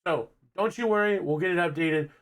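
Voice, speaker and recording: A man's voice: sits high, brisk. A man casting a live esports tournament in a laid-back, joking way, with a Texan accent. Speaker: esports caster. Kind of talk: live game commentary.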